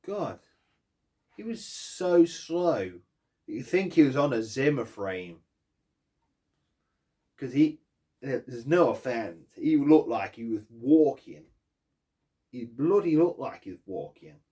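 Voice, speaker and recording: A man rants angrily about his team after a match, swearing constantly and leaning hard on each point. His pitch leaps up and drops low as he vents. He talks at an unhurried pace. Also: very animated, dark tone. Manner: angry, heavy swearing, emphatic. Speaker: football fan vlogger. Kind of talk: post-match fan rant.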